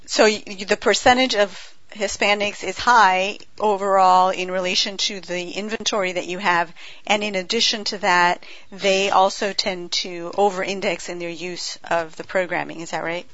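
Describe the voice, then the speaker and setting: A woman's voice: medium pitch, fairly even intonation, normal speed, a bit bright, no room sound. A woman interviewing a guest, summing up his points and checking them with questions. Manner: summarizing, checking answers. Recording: dull lo-fi dry sound.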